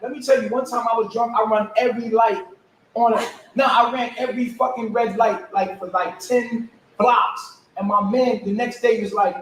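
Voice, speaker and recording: Man, higher voice, loud, profane storyteller, far from the mic in an echoey room. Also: normal speed, slight background noise. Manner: profane, storytelling, laughing, animated quoting. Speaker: commentary host. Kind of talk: casual reaction talk.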